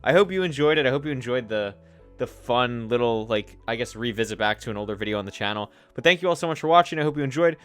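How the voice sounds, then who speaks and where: A man's voice: medium pitch, expressive, fast, a bit bright, smooth. A young man giving casual, chatty commentary over his own gameplay, rambling with restarts and self-deprecating asides. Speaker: gaming YouTuber. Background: faint background music.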